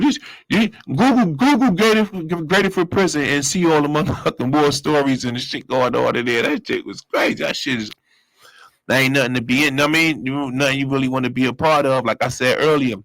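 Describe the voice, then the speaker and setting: Man, storyteller, animated and profane, plays everyone in his tale, dry close mic. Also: mid-range voice, a little fast, no echo, rough recording. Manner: animated, acts out other people's voices, profane slang. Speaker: storyteller host. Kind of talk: casual storytelling.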